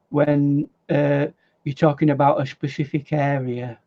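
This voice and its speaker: A man's voice: a little high, flat delivery, unhurried, warm tone. An English man co-hosting a casual art livestream, explaining things hesitantly with stammers and restarts. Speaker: livestream co-host, artist. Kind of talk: casual chat. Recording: dull lo-fi mic sound.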